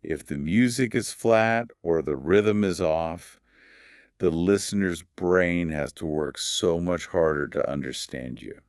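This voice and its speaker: Deep-voiced man, slow measured teacher. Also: clear, resonant tone, dry recording, clean studio sound. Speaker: podcast host, English teacher. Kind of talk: scripted teaching dialogue.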